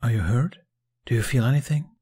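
A man voicing an anxious young male frost spirit, soft, breathless and gentle. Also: medium pitch, fairly quick, slightly rough, lightly acted.

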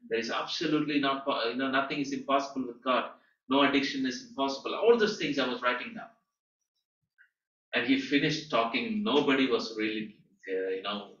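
A man teaching through a personal story, animated, with emphatic rises and soft drops. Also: mid-range voice. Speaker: guest teacher. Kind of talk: storytelling lecture. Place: teaching room at a training school. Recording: echoey room, far from mic, dull sound.

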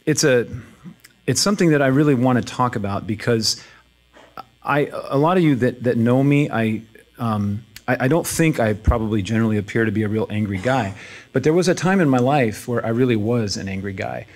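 A middle-aged man pastor speaking in a church, conversational and self-deprecating, with halting restarts. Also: mid-range voice, a little mellow. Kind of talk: casual sermon talk.

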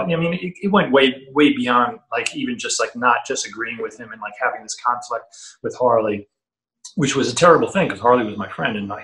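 A middle-aged man, a guitarist guest, telling stories in an interview, acting out quotes and swearing freely. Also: medium pitch. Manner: animated storyteller who acts out quotes, swears freely. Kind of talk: storytelling interview. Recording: roomy echo.

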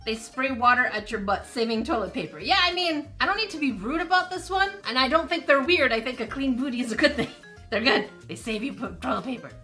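A woman's voice: high voice, expressive, fairly quick, bright, forceful tone, soft background music. A woman gaming streamer giving casual let's-play commentary, playfully reading game text aloud and reacting to it.

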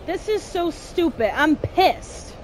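A woman's voice: extremely high pitch, lively intonation, slow pace, a little hiss or hum. A woman streaming gameplay, talking back to the game in casual slang, exasperated and swearing as she plays. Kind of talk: live gameplay commentary.

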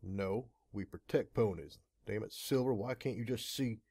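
A man's voice: lowish voice, moderate pace, a little mellow, breathy edge, no room sound, clean studio sound. A man voicing an anguished young mare raider. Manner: strained, pleading, raised voice. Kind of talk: audiobook narration.

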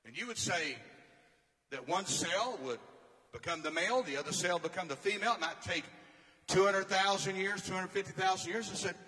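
A man preaches with emphatic storytelling energy. His voice sits high and bright, and it carries through a long, reverberant hall. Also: fairly quick. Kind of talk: sermon. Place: church or conference hall.

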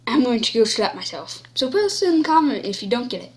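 A woman giving casual, goofy gameplay commentary, cracking jokes and talking playfully in a drawn-out way. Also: fairly high pitch, big pitch swings.

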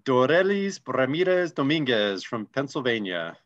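A man co-hosting a casual online call, reading names in a relaxed, friendly, joking way. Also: medium pitch, moderate pace, muffled recording. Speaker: co-host.

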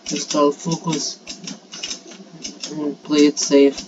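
A woman giving excited, frantic gameplay commentary, urging herself on with quick repeated pleas. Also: low-pitched. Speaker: gaming channel host. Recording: dull lo-fi mic with clear background noise.

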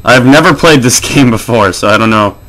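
A man giving gameplay commentary as a let's play host, jumpy and excitable, swearing, laughing and yelping. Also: medium pitch, brisk.

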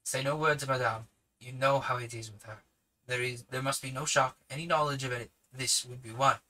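A man's voice: mid-range voice, fairly even intonation, brisk, bright, forceful tone, low-quality recording. A man reading as a grave elderly professor. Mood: grave, kindly. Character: grave elderly male professor, commanding and kindly.

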